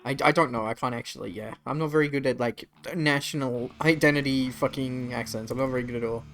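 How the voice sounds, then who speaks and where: A man's voice: medium pitch, fairly even intonation, fast, fairly bright tone. A man streaming a strategy game live, chatting casually with his viewers and swearing freely. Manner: casual, profane, talks to chat.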